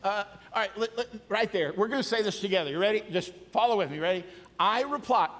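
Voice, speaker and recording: Fiery preacher, high voice. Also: male voice, fast, big-room sound. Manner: energetic, shouting and singing to the congregation. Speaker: pastor. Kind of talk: sermon. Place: large church hall.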